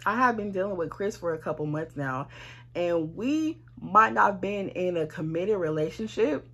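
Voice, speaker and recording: Husky young woman telling a story. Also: fairly low pitch, moderate pace. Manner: animated, blunt, swears freely. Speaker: vlogger. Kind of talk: casual storytime.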